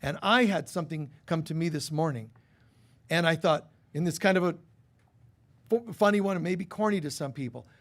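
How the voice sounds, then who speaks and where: A man giving a lively spiritual sermon at a church service, often acting out quoted voices. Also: on the high side, normal speed. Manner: animated, acts out quoted voices. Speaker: spiritual teacher. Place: church hall.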